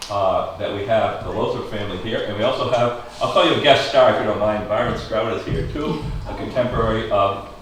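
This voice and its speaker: A man's voice: fairly low pitch, fairly quick, few pauses, fairly bright tone, recorded from a distance, slight background noise. Chatty man talking in an echoey room. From Maine. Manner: chatty, joking, asks the audience questions. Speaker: historical society host. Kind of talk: casual talk to a small audience. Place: schoolhouse room.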